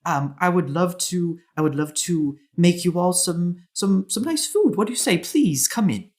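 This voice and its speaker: A man voicing an older female dwarf mother who frets over her daughter, high and fussy. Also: animated. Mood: eager welcoming. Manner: frantic, fretting, rapid questions.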